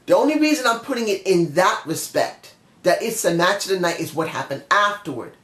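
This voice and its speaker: A man with a high-pitched voice talks through a show in a chatty, opinionated way. He often corrects himself mid-sentence. The sound is roomy and echoey. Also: lively intonation, fairly quick, fairly bright tone. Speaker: wrestling show reviewer. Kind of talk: casual review monologue.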